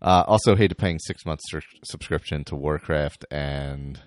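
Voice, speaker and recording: A man's voice: extremely low pitch, measured pace, dry recording, clean studio sound. A man co-hosting a podcast, reading listener emails aloud in a casual way, a little out of breath, often laughing and stumbling over words.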